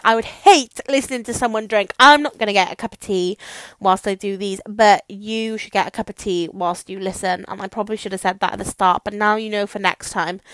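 A woman's voice: mid-range voice, a bit bright. A young Welsh woman hosts her own podcast, rambling along in a chatty, self-deprecating way. She talks into a microphone while lying on her bed. The sound is dry and close, with no room echo. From Wales. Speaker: podcast host. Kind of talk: casual chat.

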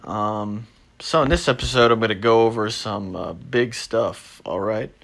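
A young man hosting his own show, ranting off the cuff with constant swearing, moving between low mumbles and loud agitated outbursts. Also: a little slow, gravelly. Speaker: podcast host. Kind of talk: unscripted ranting monologue.

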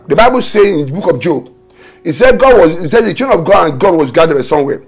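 A man's voice: a little high, animated, fast, slightly rough. A man pastor preaching an online morning prayer sermon, fervent, mixing tongues and repeated decrees with stories. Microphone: home camera setup for an online broadcast.

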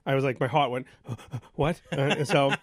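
A man's voice: medium pitch, a little slow, no room sound, clean studio sound. A man telling a rambling story in a casual talk show chat, full of restarts and quoted dialogue. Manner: rambling, animated, many restarts. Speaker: radio show host.

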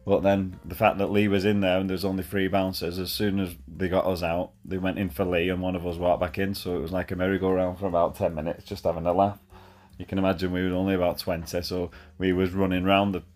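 A man's voice: deep voice, little pitch movement, fast, few pauses, a little mellow, faint music behind. A man, telling a chatty, laddish story in a voice message, full of fillers. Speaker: caller sending a voice message.

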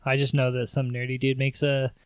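A man co-hosting a casual movie podcast, laid-back, often answering with mm-hmm and musing out loud. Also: medium pitch, monotone, a little fast, clean tone, no echo. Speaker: podcast co-host.

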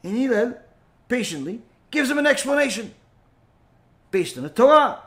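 A man teaching through a story, narrating with animated energy and acting out the voices of the people in it. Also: very high-pitched, normal speed. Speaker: Torah teacher. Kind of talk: storytelling lesson.

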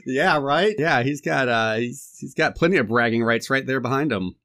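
A man in casual film-podcast chat, mid-pitched and ordinary in tone. He muses out loud, laughs often and pokes fun at himself. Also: normal speed. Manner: laughs often, musing, self-deprecating. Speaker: podcast co-host.

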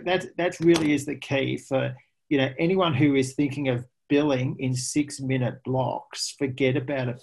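A man being interviewed as a pricing expert, an animated storyteller who laughs often. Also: mid-range voice, vocal fry, breathy edge. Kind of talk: conversational interview.

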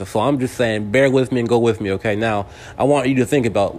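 A man's voice: mid-range voice, brisk, few pauses, darkish tone. A man in his forties from California, hosting a casual monologue, speaking straight to the listener and often repeating and restarting his words. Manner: talks straight to the listener, seeking agreement. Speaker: podcast host.

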